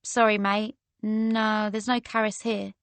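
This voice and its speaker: A woman's voice: mid-range voice, flat delivery, takes it slowly, smooth, dry recording. A woman voicing a friendly, laid-back young woman with a London accent who talks in casual slang. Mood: easygoing. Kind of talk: audiobook character voice.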